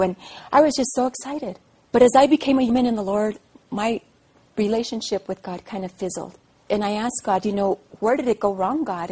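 Woman minister's wife, devotional talk, husky breathy tone, earnest and fervent. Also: on the high side, darkish tone. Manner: earnest, builds to fervent emphasis. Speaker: pastor's wife. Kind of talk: devotional talk to a women's group.

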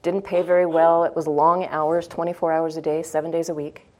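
A woman's voice: sits low, little pitch movement, fairly quick. A woman teaching a Bible study in a conversational way. She often checks in with her listeners and repeats phrases for emphasis.

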